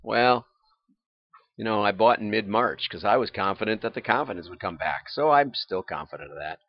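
A man's voice: lowish voice, normal speed, no room sound. An older man hosting a casual livestream, chatting in a rambling way and chuckling often as he goes over news items. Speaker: livestream host. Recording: dull, lo-fi, dry livestream audio.

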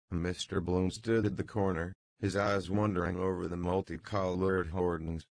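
A man narrating a literary novel as an audiobook, reading in a measured, even way. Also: low-pitched, gravelly, no room sound.

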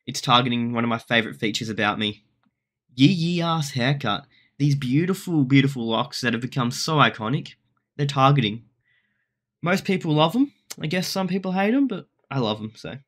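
Speaking in a mid-range, slightly bright voice, an Australian YouTuber chats casually for his vlog. He rambles, makes fun of himself, and keeps restarting sentences.

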